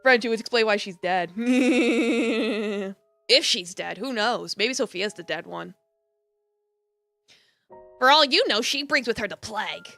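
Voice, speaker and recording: A woman's voice: a little high, lively intonation, a little slow, gravelly, long pauses, bright, forceful tone, no echo, faint music behind. A young woman streamer chatting and joking through a game, rambling with lots of fillers. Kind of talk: live game commentary.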